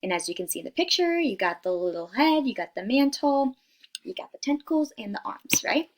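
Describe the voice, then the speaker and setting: A young woman, a student presenter, walks through a class slideshow in a brisk, slightly high voice with lively intonation, and there is background noise. She keeps it casual and chatty, using lots of fillers and frequent "right?", and apologizes when she stumbles over difficult scientific terms.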